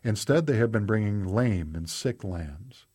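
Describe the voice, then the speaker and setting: A man reading a children's devotional aloud as a scripted narration, telling a story and then asking gentle questions. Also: on the low side, animated, a little slow. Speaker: devotional host and reader.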